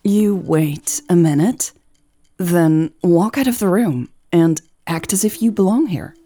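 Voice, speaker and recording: A woman's voice: lowish voice, lively intonation, slow pace. A woman voicing a playful, teasing, confident young woman in an audiobook romance, in a lifted, cheerful voice. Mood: brisk, cheerful. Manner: bright, teasing, giggly. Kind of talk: audiobook character voice.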